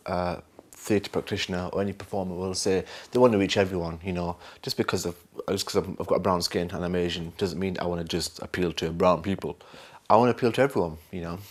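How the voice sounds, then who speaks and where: A man with a Northern English accent, an actor talking candidly in an interview, animated and self-mocking. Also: low-pitched. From north of England. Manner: animated, self-mocking, acts out other voices.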